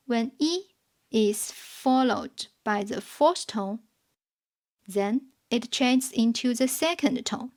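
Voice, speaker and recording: A woman narrating a scripted beginner language lesson, explaining rules in a measured, carefully enunciated way. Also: a little high. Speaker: language teacher.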